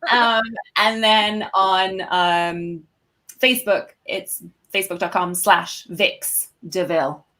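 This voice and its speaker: Relaxed chatty British woman. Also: medium pitch, slow pace. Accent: British, mixed with some American. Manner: chatty, self-deprecating, loose and relaxed delivery. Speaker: guest burlesque performer. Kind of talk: casual podcast chat.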